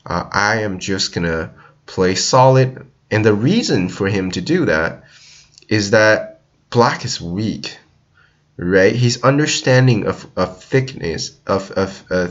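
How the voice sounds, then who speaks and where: A man's voice: lowish voice, expressive, slow pace, lo-fi sound. A man casually commenting on a board game, talking loosely with many fillers and restarts and briefly acting out the players' thoughts.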